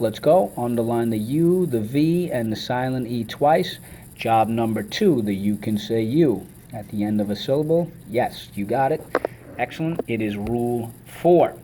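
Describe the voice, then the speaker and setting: Man, teacher, vocabulary lesson, energetic, call-and-response, chants syllables, mid-range pitch. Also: slight background noise.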